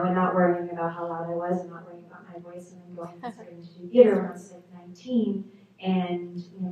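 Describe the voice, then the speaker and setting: Lowish-voiced woman chatting on a panel, far from the mic, big echoey room. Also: mellow, highs cut off. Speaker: panelist actor. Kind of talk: Q&A panel discussion. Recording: echoey hall, distant mic, faint noise.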